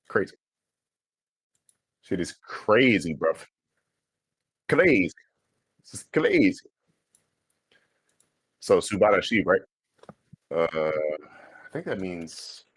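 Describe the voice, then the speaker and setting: Streamer guy: deep, husky, lively delivery, dry close sound, profane and loose. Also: slow, long pauses, no room sound. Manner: swears freely, sounds out foreign words. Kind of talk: casual livestream chat.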